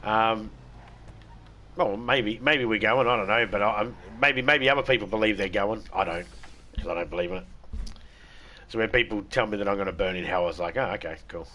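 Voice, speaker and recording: A man's voice: fairly low pitch, a little fast, pushed and bright, highs cut off, slight background noise. An Australian man streaming a game, chatting casually with irreverent jokes and plenty of swearing. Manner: joking, irreverent, swears freely. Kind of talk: casual gameplay chat.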